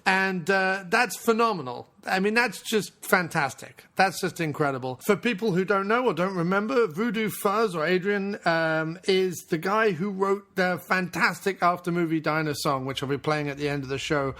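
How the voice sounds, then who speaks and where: A man's voice: sits high, moderate pace, few pauses, fairly bright tone. Enthusiastic male podcast host. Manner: enthusiastic, filler-heavy. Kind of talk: casual podcast talk.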